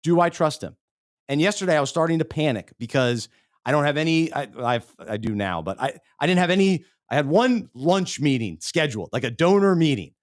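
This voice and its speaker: A man's voice: a little high, lively intonation, a little fast, no echo, studio quality. A middle-aged man co-hosting a faith-based podcast, talking earnestly and often restarting his words. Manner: earnest, self-interrupting, repeats words. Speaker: podcast co-host. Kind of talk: casual faith-based chat.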